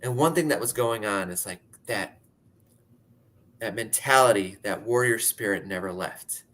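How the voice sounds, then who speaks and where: A man's voice: lowish voice, normal speed, sharp tone. Guy in his 30s from pennsylvania, just talking through his story, lots of "like", pretty candid. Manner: candid, conversational, uses "like" often. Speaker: speaker sharing his story. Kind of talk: personal storytelling talk.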